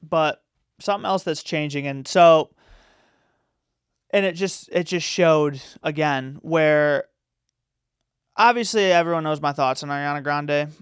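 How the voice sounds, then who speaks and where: A man hosts a podcast, chatting in a loose, rambling way and packing his strong opinions with fillers. His voice sits a little high and sounds smooth and clear. The recording is dry and close. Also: measured pace, long pauses, dry recording. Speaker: podcast host. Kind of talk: casual chat.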